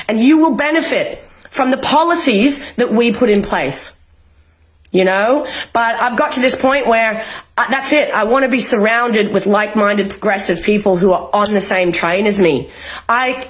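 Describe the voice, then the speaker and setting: A young Australian woman vlogging from home, ranting with passion and swearing often. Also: medium pitch. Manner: fiery, swearing, emotional, rallying. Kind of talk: impassioned political rant to camera. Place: home, in isolation.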